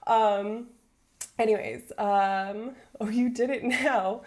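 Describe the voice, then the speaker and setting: A woman's voice: fairly high pitch, steady tone, takes it slowly, darkish tone. A woman streamer talking casually to her live chat, explaining things earnestly in a rambling way with many fillers. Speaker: Twitch streamer. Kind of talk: casual livestream chat answering viewers.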